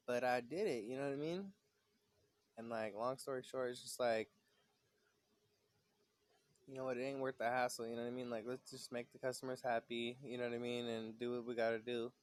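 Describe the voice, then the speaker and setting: A man's voice: medium pitch, steady tone, a little fast, no room sound. A man vlogging a casual, rambling rant about work, full of fillers and swearing. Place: San Diego.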